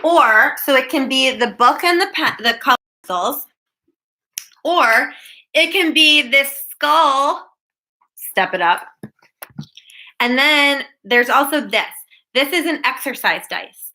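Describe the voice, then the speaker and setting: A woman's voice: sits high, lively intonation, slow pace, pauses often, pushed and bright, rough recording. A woman teacher hosting a live online class Q&A, talking directly to her students by name.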